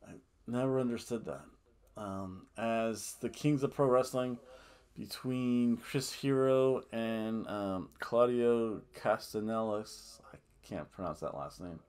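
A man hosting a casual wrestling review podcast, rambling and animated, often laughing and booing in mock outrage. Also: mid-range voice, slow, clean tone. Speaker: podcast host.

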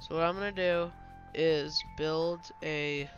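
A man's voice: fairly high pitch, fairly even intonation, measured pace, lo-fi sound, soft background music. A young man with a slight cold, casually commenting on a strategy game he is playing, explaining as he goes and stumbling over his words. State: slightly sick, coughing. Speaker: gaming channel host.

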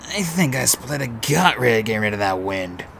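Man voicing a crude dwarf, gruff, boastful, coarse drawl, storybook reading. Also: mid-range voice, big pitch swings, normal speed, a bit bright, slight background noise.

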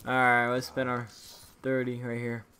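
Opening supply drops on his gaming channel, a young man talks to his viewers as "guys" in a chatty, restless way. His medium-pitched voice is monotone and moderately paced, with background noise behind it.

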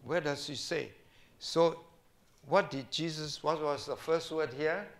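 A middle-aged man, a senior pastor preaching a sermon and reading scripture aloud with slow emphasis. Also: a little high, a bit bright.

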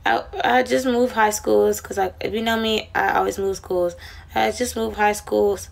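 A woman's voice: medium pitch, fairly even intonation, normal speed, creaky. A young woman chatting casually on a livestream, telling a rambling, slangy, profane story to her viewers.

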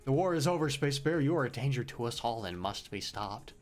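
A man's voice: medium pitch, lively intonation, a little fast, faint music behind, natural voice. A man reading a stern bear ship commander.

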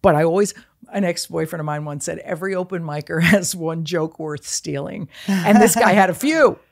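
A woman in her sixties with a low voice chats as a podcast guest. She talks bluntly and swears freely, acting out her stories with lots of energy. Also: moderate pace, vocal fry. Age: 60s. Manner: blunt, profane, animated storytelling. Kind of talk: casual chat.

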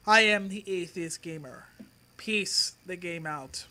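Man, high-pitched, slow, mocking vlog rant, sneering, insulting. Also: sharp tone. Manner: sneering, insulting, drawn-out pauses. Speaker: YouTube commentator. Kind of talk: mocking response-video rant.

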